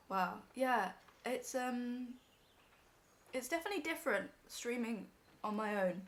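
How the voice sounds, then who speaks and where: A woman's voice: a little high, lively intonation, unhurried. A young woman on a live stream, emotional and teary as she talks to her chat from home.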